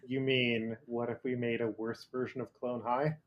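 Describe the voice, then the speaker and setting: A man's voice: mid-range voice, flat delivery, moderate pace, highs cut off. Man hosting a casual podcast, dry asides. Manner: leads the segment, dry jokey asides. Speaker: podcast host.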